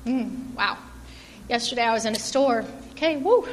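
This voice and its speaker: A woman's voice: a little high, animated, moderate pace. A middle-aged woman giving an informal church sermon, earnest and self-deprecating, laughing often. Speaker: lay preacher. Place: church hall. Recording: long hall reverb, faint room noise.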